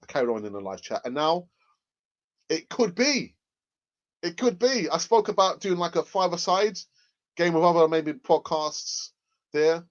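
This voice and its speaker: A man hosting a football fan livestream in casual chat. He is excitable and often repeats his phrases for emphasis. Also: on the high side, highs cut off. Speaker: football fan channel host.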